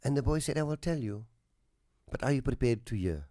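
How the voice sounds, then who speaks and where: A man hosting a radio talk show, telling a moral story in a slow, earnest way that drops to a soft hush at its tender moments. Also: mid-range voice, lively intonation, no room sound, clean studio sound. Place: radio studio.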